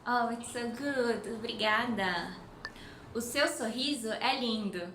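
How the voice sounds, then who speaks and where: A woman with a Brazilian accent teaching Portuguese phrases in English, with clear, friendly explanations and slowly spoken model phrases. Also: a little high, fairly bright tone. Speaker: language teacher. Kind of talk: language lesson with example phrases. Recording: echoey room with faint noise.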